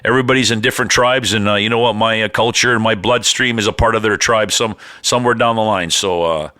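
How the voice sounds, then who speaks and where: A man's voice: on the low side, fairly even intonation, fast talker, pushed and bright, clear, resonant tone, no echo. A man co-hosting a podcast, talking in a rambling, loose way, swearing freely and drifting off into humming. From Canada. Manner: rambling, swearing, hums and breaks into bits of song. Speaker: podcast co-host. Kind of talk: rambling casual chat.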